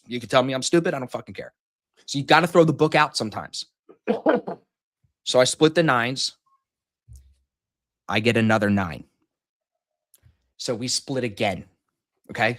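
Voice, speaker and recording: Profane, animated male storyteller. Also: medium pitch. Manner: animated, profane storytelling, acts out quotes loudly. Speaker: podcast host telling a story. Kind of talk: casual chat.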